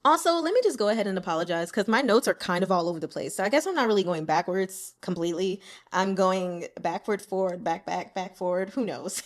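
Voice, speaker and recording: A woman's voice: medium pitch, expressive, brisk. A woman audiobook reader giving casual commentary on the chapters she has read, chatty and playful, laughing often and speaking directly to the characters. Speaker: web novel audiobook reader.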